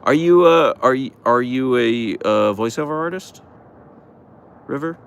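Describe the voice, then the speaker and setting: A tired, relaxed man hosting a casual livestream, rambling with fillers as he answers viewer comments. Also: mid-range voice, a little slow, vocal fry, clear, resonant tone. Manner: relaxed, rambling, with fillers, soft coos to the dogs. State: tired, yawning. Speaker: livestream host with pet huskies.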